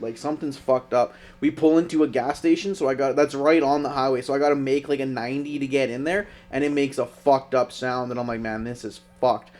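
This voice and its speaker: A young man, a podcast co-host, telling a profane road story in casual chat. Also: medium pitch. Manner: profane, animated anecdote telling.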